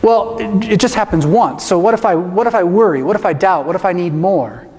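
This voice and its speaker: A middle-aged pastor giving an animated, emphatic talk to a church audience, often tossing in rhetorical questions. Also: male voice, high voice, a little fast. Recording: long reverb of a large hall.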